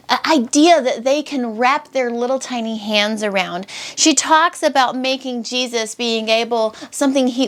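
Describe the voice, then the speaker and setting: Pastor, woman, thirties; a touch high-pitched, earnest and conversational as she preaches to camera. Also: a bit bright. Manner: earnest, conversational, repeats key phrases. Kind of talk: sermon delivered to camera.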